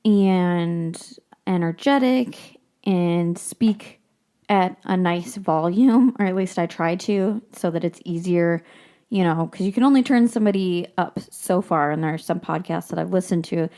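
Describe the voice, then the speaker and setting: Chatty young woman podcaster, low voice. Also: a little slow, dark tone. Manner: chatty, rambling, swears casually, laughs often. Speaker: podcast host. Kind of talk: casual solo podcast chat. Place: home.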